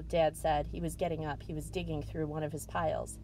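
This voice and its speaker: A teacher, a woman, narrating a chapter book aloud for her students with expressive storytelling. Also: low-pitched, fairly quick, hardly any pauses, slight background noise, poor audio.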